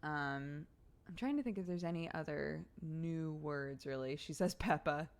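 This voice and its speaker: Low-voiced giggly young woman streamer. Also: unhurried, clear, resonant tone. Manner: giggly, rambling storyteller. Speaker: streamer host reading chat. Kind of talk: casual chat with viewers.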